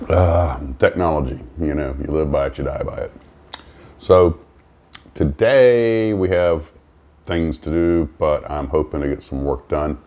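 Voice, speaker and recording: Very deep-voiced rambling hobby host. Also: male voice, lively intonation, unhurried, dark tone, highs cut off. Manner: rambling, many fillers and restarts. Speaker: model-building channel host. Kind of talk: casual morning vlog chat.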